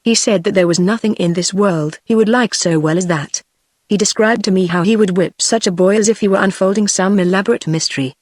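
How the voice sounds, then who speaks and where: A text-to-speech woman's voice with a British English accent, reading a classic story as an audiobook narrator in an even, steady way. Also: medium pitch, brisk, no room sound, clean studio sound.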